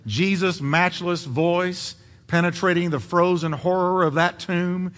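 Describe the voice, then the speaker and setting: Male preacher, dramatic delivery, loud peaks and hushed asides, fairly high voice, long church-hall reverb. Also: little pitch movement, unhurried. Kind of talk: sermon.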